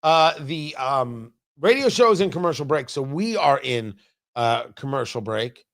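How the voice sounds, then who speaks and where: A man's voice: medium pitch, expressive, a little slow. A man hosting a talk radio show, delivering an opinionated monologue with sarcastic, mocking asides from his studio.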